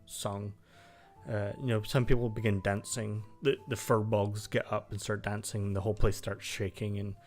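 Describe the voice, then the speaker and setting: A man's voice: fairly low pitch, flat delivery, a little fast, hardly any pauses, a little mellow, soft background music. A man narrating as game master, loose and full of fillers.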